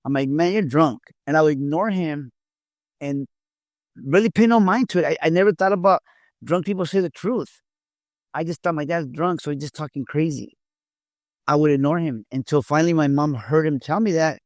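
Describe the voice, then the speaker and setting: A middle-aged man, born in Mexico, speaks as an interview guest about his past. His voice sits a little high for a man, and he stumbles and restarts often. The sound is dry and close, with no room around it. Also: dry recording. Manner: halting, many restarts and repeated words. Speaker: interview guest, former police officer. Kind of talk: candid storytelling in an interview.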